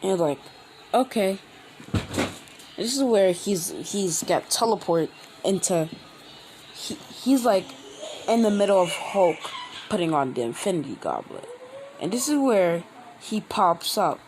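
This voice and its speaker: A man hosting his own channel, telling a fan-made story in a rambling, halting way with many restarts. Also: high voice, lively intonation, a little mellow, a little hiss or hum, low-quality recording. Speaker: channel host. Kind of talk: casual fan-fiction storytelling.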